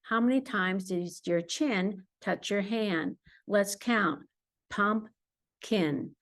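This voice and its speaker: A woman teacher explaining reading games to parents at home, patient and clear, slowing down to model words the way she would for a child. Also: mid-range voice. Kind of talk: instructional talk to parents.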